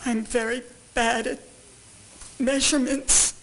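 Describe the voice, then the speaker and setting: A woman's voice: on the high side, steady tone, slow. An older woman giving testimony in a courtroom, answering questions with brief, careful replies. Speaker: witness.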